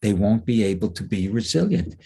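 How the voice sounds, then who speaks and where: Speaking fairly quickly in a husky, fairly low voice, this clinical psychologist is a guest speaker at a webinar. His talk is packed with anecdotes, and he tells them with animation, acting out the quotes.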